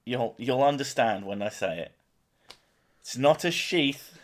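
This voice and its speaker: A man's voice: medium pitch, animated, a little slow. A young man hosting a stream, chatting casually with a co-host in jokey, sweary banter and laughing often.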